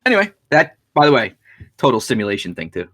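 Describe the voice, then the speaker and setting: A man's voice: medium pitch, very animated, fast, fairly bright tone. A man hosting a podcast, telling a story in casual chat, swearing freely. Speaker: podcast host.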